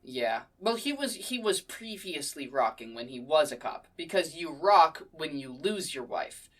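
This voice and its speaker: A woman with a low voice co-hosting a casual podcast chat, joking around and swearing freely. She sits a little back from the microphone, so her voice comes across slightly distant. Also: very animated, unhurried. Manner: playful, swears freely, laughs often. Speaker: podcast co-host.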